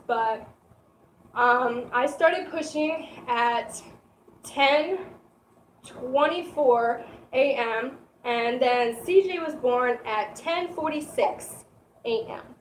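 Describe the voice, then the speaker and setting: A young woman telling a personal story in a casual, chatty way, laughing often and saying "like" a lot. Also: a little high. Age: young adult. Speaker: vlogger. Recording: echoey room with faint noise.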